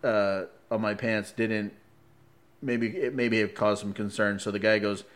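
A man in a casual chat, telling a story in an animated way, laughing often and acting out quoted lines. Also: fairly low pitch, a little slow.

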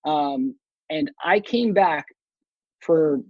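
A man's voice: a little high, drawn-out words, no echo, highs cut off. A man who is a podcast guest, chatting casually and telling long stories, swearing now and then. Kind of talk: casual chat.

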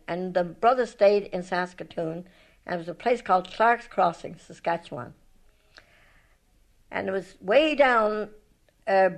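An older woman with an Irish accent tells stories from her life in a rambling, lively way, full of restarts and retold conversations. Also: on the low side, poor audio. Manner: rambling, lively, retells past talk with many restarts. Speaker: storyteller recalling her life. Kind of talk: spoken memoir, reminiscing.

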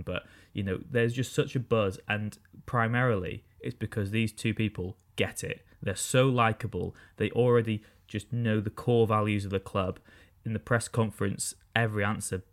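Low-voiced enthusiastic male podcast co-host. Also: fairly even intonation, a little fast. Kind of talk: casual podcast chat.

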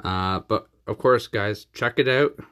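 A man in his thirties hosts a casual podcast, rambling through a recap with plenty of jokes and laughter. His voice sits on the low side, and he talks at an unhurried, drawn-out pace. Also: a bit bright, smooth. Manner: rambling, joking, laughs often. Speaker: podcast host. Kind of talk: casual episode recap and sponsor read.

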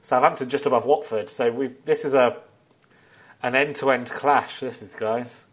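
A bantering man hosts a relaxed football podcast, teasing his co-hosts and breaking into laughter as he talks. His voice sits at an ordinary middle pitch, and his delivery stays loose and chatty. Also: normal speed. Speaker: podcast host. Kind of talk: casual football podcast chat.

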